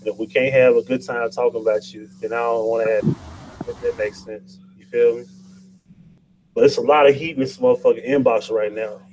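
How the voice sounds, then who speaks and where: A man's voice: mid-range voice, steady tone, brisk, a little mellow, a little hiss or hum, poor audio. A man hosting a casual live-stream chat, loose, profane and rambling, getting fired up. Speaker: YouTube channel host.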